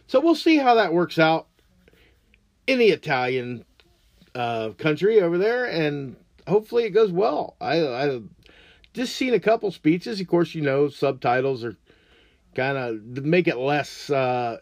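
A man's voice: a little high, animated, a little slow, dry recording, studio quality. A man hosting a show, ranting about politics in a blunt, crude, mocking way. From United States. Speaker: podcast host. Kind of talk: profane political rant.

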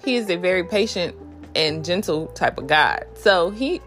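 A woman with an expressive, somewhat bright voice hosts a podcast at a normal speed, discussing faith candidly and casually. Soft music plays underneath. Many fillers and restarts mark her speech, and she raises her pitch to act out inner voices.

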